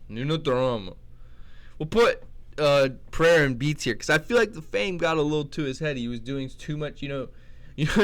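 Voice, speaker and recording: This young channel host's voice sits on the high side, expressive and a bit bright, at a normal speed. His casual commentary rambles, with heavy swearing and many restarts.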